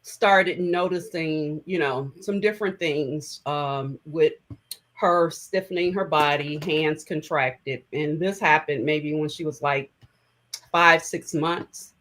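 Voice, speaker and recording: A woman's voice: low voice, slow pace, a bit bright, rough recording. Middle-aged woman, interview guest, heartfelt conversational storytelling, fillers. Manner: emotional, conversational, many fillers.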